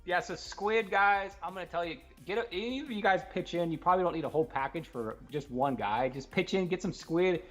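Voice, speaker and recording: A man co-hosting a fishing talk show, explaining gear and rigs in a fast, excited, casual way and laughing often. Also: high voice, soft background music. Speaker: co-host giving fishing tips.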